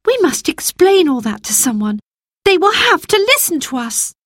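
A woman reading a storybook, voicing an anxious young girl who pleads in a high, breathy voice. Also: sing-song, takes it slowly, no room sound, clean studio sound, full character voice. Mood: pleading.

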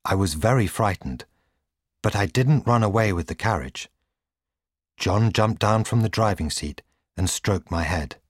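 A man's voice: on the low side, unhurried, breathy edge, no echo, clean studio sound. A man reading a children's storybook aloud as a scripted narration. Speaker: audiobook reader.

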